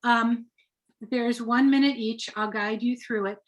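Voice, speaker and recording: A woman guiding a group through a breathing meditation on a video call, speaking softly and slowly as she guides, with halting restarts when she explains. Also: on the high side, fairly even intonation, poor audio. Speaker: guest leading a breathing exercise.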